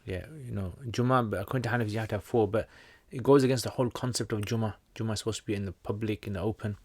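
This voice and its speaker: A man's voice: fairly low pitch, fairly even intonation, racing, a little mellow, no echo. A British man hosting a casual livestream Q&A. He answers viewers' questions on Islamic practice in a chatty, informal way and reads each question aloud before he answers.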